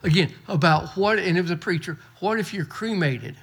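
A man's voice: high voice, fairly quick, fairly bright tone, breathy edge. A middle-aged man preaching a folksy sermon, often repeating and restarting words. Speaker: pastor. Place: church.

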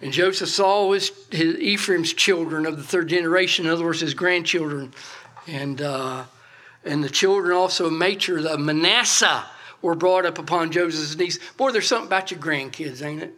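A man's voice: fairly high pitch, moderate pace, sharp tone. A man preaching a sermon in a folksy, emphatic way, full of rhetorical questions and asides.

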